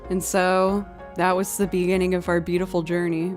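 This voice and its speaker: A woman's voice: lowish voice, flat delivery, normal speed, faint music behind. Chatty woman streamer telling stories. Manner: chatty storytelling, giggles often. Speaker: musician live-streamer. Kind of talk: casual live-stream chat. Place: home desk setup.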